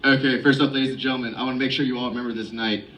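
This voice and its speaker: A young man in the audience giving a boisterous, profane shout-out to the crowd and the guest. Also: mid-range voice, fairly even intonation, very fast, a little hiss or hum, rough recording. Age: young adult. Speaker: audience member. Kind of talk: loud hyped-up shout-out to a crowd.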